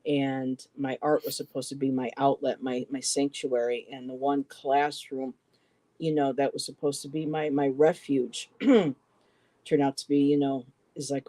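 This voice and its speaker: A woman in her fifties, co-hosting a live poetry stream, telling a personal story casually, halting often with "you know" and restarts. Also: extremely low pitch, fairly even intonation, warm tone. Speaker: poetry show co-host.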